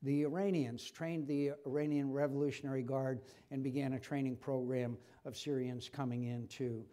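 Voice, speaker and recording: A man's voice: medium pitch, flat delivery, moderate pace, mellow. An older man with an American accent, answering an interviewer's questions at a public forum, growing impassioned and repeating himself when stirred. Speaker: senator being interviewed. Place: lecture forum before an audience.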